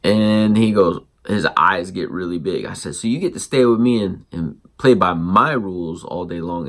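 A man hosting a parenting show, telling a story and acting out the dialogue in an animated way. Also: deep voice, normal speed, few pauses. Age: adult parent. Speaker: podcast host. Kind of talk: storytelling monologue.

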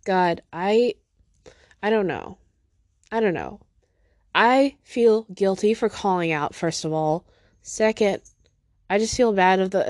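Slow-talking teary woman podcaster. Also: medium pitch, expressive, no room sound, clean studio sound. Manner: rambling, self-deprecating, talks to her cat. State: teary after crying. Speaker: podcast host. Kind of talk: casual solo monologue. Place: at home with her cat.

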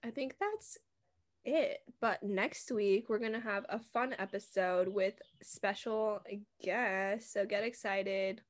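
A young woman co-hosting a casual podcast, telling stories in a giggly, animated way and acting out what people said. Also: mid-range voice, slow pace. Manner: giggly, animated storytelling with acted quotes. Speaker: podcast co-host. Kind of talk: casual chat.

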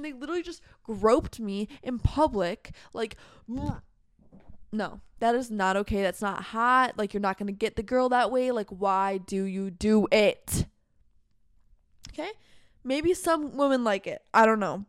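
Heated young woman, high and dry. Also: lively intonation, dry recording. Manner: heated, fast and emphatic, heavy use of "like". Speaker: podcast host. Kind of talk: candid personal monologue.

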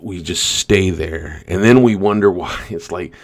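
Deep gravelly man giving a pep talk. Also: a little slow, dry recording. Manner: rambling, loose, full of "you know" asides. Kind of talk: motivational storytelling monologue.

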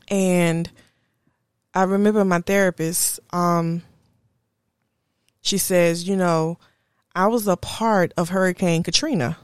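A woman speaks in a low, unhurried voice, pausing to think as she shares something personal. The sound is close and dry, with no room around her. She is candid and reflective as she hosts her own podcast. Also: fairly even intonation, clean tone, no room sound. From Houston, Texas area. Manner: slow, reflective, candid storytelling. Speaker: podcast host. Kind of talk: personal monologue.

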